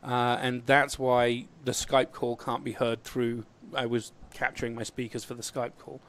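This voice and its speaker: A man's voice: mid-range voice, level tone, a bit bright. A man with an Australian accent hosting a live stream, chatting casually and laughing as he sorts out technical problems. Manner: chatty, halting, laughs often while fixing tech.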